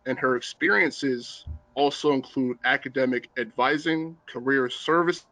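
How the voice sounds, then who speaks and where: Casting: young male student host, mid-pitched, close and dry, earnest and formal on a video call. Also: measured pace, sharp tone, dry recording, poor audio. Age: young adult. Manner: earnest, polite, formal introductions. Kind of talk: hosted panel talk.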